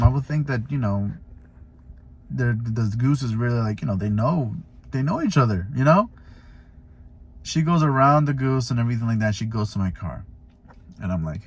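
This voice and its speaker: In his mid-range voice, the Florida stay-at-home dad and delivery driver recounts something funny for his casual vlog. His intonation is lively, his pace moderate, and his tone a bit mellow, with "you know" and "like" cropping up constantly.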